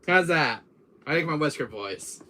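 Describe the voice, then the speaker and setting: Rambling gaming YouTuber with bright voice. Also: male voice, a little high, lively intonation, unhurried. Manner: rambling, friendly, many restarts. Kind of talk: casual chat to a viewer.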